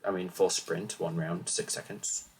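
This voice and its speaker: A man runs a tabletop game over a voice call, his voice fairly low and unhurried. He explains the rules with fillers and little restarts. The mic sits a bit far off, with a faint hiss behind. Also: little pitch movement, vocal fry, a little mellow. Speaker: game master.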